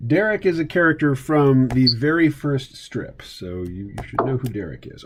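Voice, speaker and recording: A man chats casually on a stream while drawing, rambling and wry, with frequent laughs. His voice sits at an ordinary middle pitch for a man. A faint hiss of noise sits under the recording. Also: animated, normal speed, few pauses. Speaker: streamer and cartoonist.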